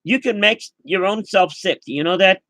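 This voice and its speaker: A woman's voice: mid-range voice, normal speed, a bit bright, no room sound. An older woman giving an emphatic, preachy motivational monologue to camera, full of rhetorical questions. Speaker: vlogger.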